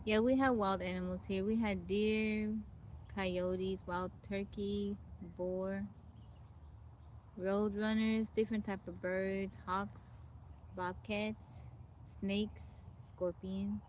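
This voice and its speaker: A woman's voice: mid-range voice, level tone, very slow, slight background noise. A woman hosting a casual live stream outdoors in a forest, chatting with viewers and greeting them by name. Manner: chatty, greets viewers and reads out their comments. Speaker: livestream host.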